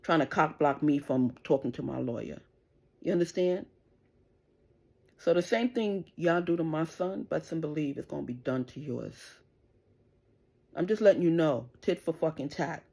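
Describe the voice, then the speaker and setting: A middle-aged vlogger with a low, darkish, husky voice and vocal fry talks at a moderate pace with long pauses. She unloads a profane, confrontational rant directly at the camera, pressing "you understand?" repeatedly.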